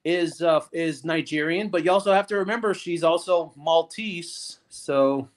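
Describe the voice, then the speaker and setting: A man's voice: a little high, a little slow. A man joining a casual live-stream chat as a guest, talking in a loose, rambling way. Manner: conversational, rambling.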